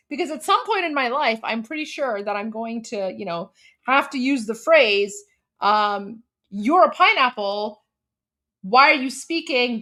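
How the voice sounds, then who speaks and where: Animated, high-voiced woman host. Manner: animated storytelling, filler-heavy. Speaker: livestream host. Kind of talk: casual livestream chat.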